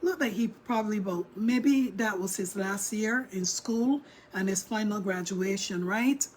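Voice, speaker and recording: With a medium-pitched, slightly mellow voice and a measured pace, a woman reacts to a video on a casual livestream. She's chatty, addressing viewers directly and reading out their comments, with a bit of background noise behind her.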